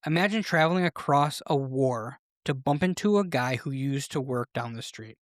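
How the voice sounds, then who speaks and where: A podcast host narrating history with a playful, animated storytelling manner at a middle pitch. The sound is dry and close, with no room echo. The delivery feels scripted but lively. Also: moderate pace, hardly any pauses.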